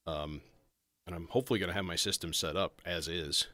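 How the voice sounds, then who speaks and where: A man's voice: low voice, steady tone, a little fast, sharp tone, dry recording, studio quality. A man hosting a casual livestream about modular synths, rambling and self-interrupting as he talks. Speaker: livestream host. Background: faint synth music.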